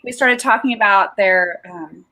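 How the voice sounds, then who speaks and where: A woman's voice: mid-range voice, a little slow, rough recording. A woman therapist chatting casually, explaining emotions in an easy, laughing way. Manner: warm, explanatory, laughs easily. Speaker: therapist guest. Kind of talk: casual chat.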